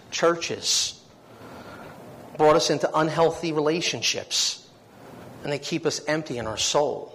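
A man with a fairly high-pitched voice preaches a sermon against slight background noise. Giving his testimony, he tells his own story earnestly and from the heart, his feeling swelling as he goes.

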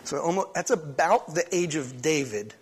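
A pastor reading a psalm aloud and then preaching a short sermon at a church service, talking conversationally with frequent restarts. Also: male voice, fairly high pitch, animated, moderate pace, a little hiss or hum. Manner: conversational, with frequent restarts and sudden swings in loudness.

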